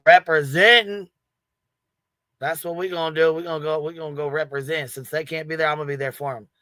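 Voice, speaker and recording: A man's voice: fairly high pitch, steady tone, brisk, sharp tone, no echo. A man hosting a livestream panel in casual chat, brash and profane and laughing often.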